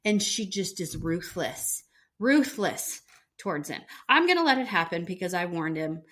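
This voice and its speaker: A woman's voice: fairly low pitch, very animated, moderate pace, fairly bright tone. A middle-aged woman co-hosting a podcast, telling a story and acting out the dialogue. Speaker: podcast co-host. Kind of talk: casual chat, storytelling.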